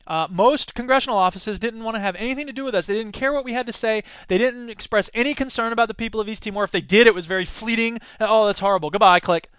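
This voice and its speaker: An American man in his thirties telling a story in a talk, animated, acting out quoted voices, with many fillers and restarts. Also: high-pitched, fast, few pauses, clear, resonant tone, dry recording. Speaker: speaker giving a talk. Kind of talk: storytelling lecture.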